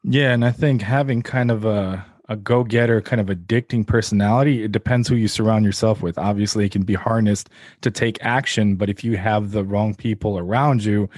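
A man hosting a podcast, answering his guest in a thoughtful, measured way. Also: lowish voice, steady tone, darkish tone, no echo, clean studio sound. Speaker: podcast host. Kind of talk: reflective conversation.

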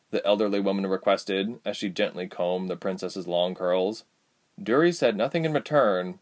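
A man reading a fantasy story aloud as narrator. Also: deep voice.

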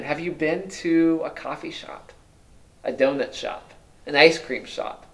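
A male pastor preaching a sermon, asking many rhetorical questions and moving between loud emphasis and hushed, quiet lines. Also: a little high, unhurried.

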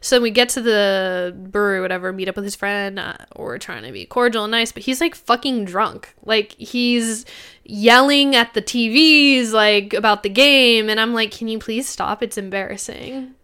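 A young woman co-hosting a podcast, telling a personal story in casual chat, animated and swearing, quoting others. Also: a little high, normal speed, clean tone. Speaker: podcast co-host.

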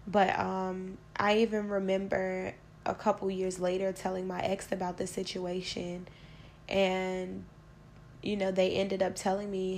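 A woman's voice: lowish voice, a little mellow, slight background noise. A young woman hosting a podcast, recounting a personal story in a blunt, profane, conversational way. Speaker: podcast host.

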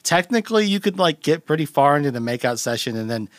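A man's voice: on the high side, sing-song, fast talker, no room sound, clean studio sound. A young man hosting a casual podcast, chatting about a film in a rambling way, full of fillers and laughter. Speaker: podcast host.

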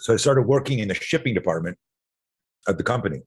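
A man's voice: on the low side, lively intonation, quick pace, slightly rough. A man in his sixties from Canada, a podcast guest who tells stories with energy, acts out other people's lines and often repeats words mid-sentence. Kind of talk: animated storytelling.

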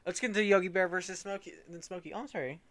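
A man's voice: high-pitched, fairly even intonation, racing, fairly bright tone. Chatty teenage podcast host guy. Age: teens. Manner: laughs often, chatty storytelling. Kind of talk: casual chat.

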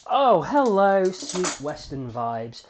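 A man hosting a solo fan podcast, recapping a TV episode in an excitable, animated storytelling way with frequent restarts. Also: sits high, slow, noisy background. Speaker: podcast host.

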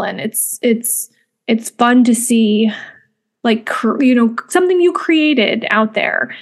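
A woman's voice: a little high, a little slow. A young woman hosting a music podcast, talking casually with lots of fillers and restarts. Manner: chatty, many fillers and restarts. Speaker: podcast host. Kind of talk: casual spoken commentary.

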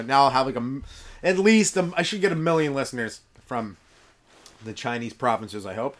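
A man with a medium-pitched, animated voice hosts a comedy podcast, riffing briskly in a rambling monologue and chuckling at his own jokes. He's in a cold room kept warm by a wood fire.

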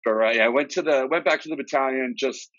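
A man's voice: medium pitch, fast, over a noisy crowd. An Australian man, middle-aged, a laid-back former soldier telling his story in a casual interview and swearing freely. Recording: dull, lo-fi and dry.

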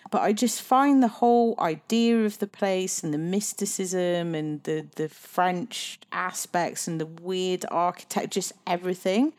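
A woman talks films with her co-host in a loose, chatty way. She laughs often and trails off mid-thought, with an animated, excitable delivery. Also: lowish voice, unhurried, hardly any pauses. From Southwest England. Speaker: podcast co-host. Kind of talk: casual film chat.

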